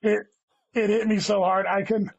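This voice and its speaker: Speaking at normal speed in a high, creaky, level-toned voice, this male guest comedian tells a long, rambling story. He swears a lot and keeps dropping "dude" into nearly every line, all captured in dull lo-fi audio.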